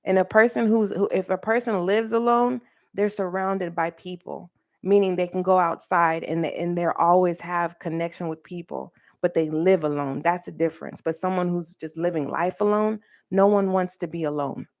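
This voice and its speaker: A woman reading tarot for her channel, talking earnestly and preachily to the viewer with pauses and direct address. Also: lowish voice, steady tone, darkish tone. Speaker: tarot reader. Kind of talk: spiritual tarot reading monologue.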